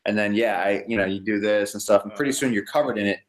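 A young man casually telling a story in an interview, rambling and relaxed, with many "like" fillers. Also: fairly low pitch, fast. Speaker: guest, ecotourism company owner.

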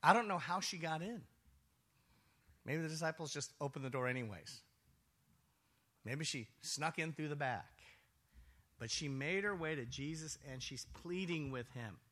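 A man preaching a sermon, telling the story with animated storytelling and acting out voices. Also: fairly high pitch, normal speed, long pauses. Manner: animated storytelling, acts out voices, laughs often. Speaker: pastor.

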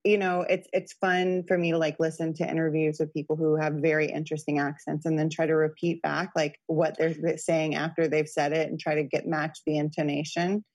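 A woman's voice: low-pitched, flat delivery, brisk, few pauses, darkish tone. A woman in her thirties in a casual chat, talking freely and filling her sentences with "like". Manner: chatty, lots of "like" fillers.

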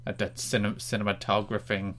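A man's voice: lowish voice, level tone, normal speed, fairly bright tone, a little hiss or hum. A man co-hosting a casual podcast, chiming in with dry teasing quips. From Ireland. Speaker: podcast co-host.

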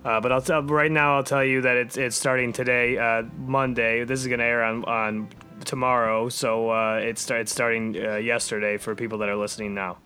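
A man's voice: mid-range voice, flat delivery, moderate pace, hardly any pauses, pushed and bright, soft background music. A male co-host on a comedy podcast defensively explaining himself.

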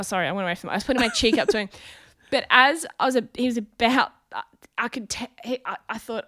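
A woman, a comedian guest on a podcast, chatting and telling an animated, rambling story. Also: a little high, fast talker, dry recording, studio quality. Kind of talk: casual chat, storytelling.

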